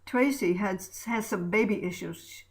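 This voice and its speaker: A woman's voice: mid-range voice, a little slow, natural voice. Lady reading as a skinny fidgety guy, doubtful, plain delivery. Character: wiry, restless man prisoner, doubtful.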